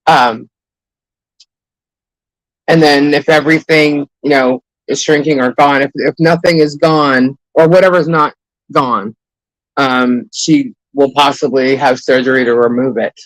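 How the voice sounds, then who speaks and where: A man's voice: medium pitch, fairly even intonation, unhurried, dry recording, low-quality recording. A man co-hosting a casual live stream, talking in a chatty way and greeting viewers by name.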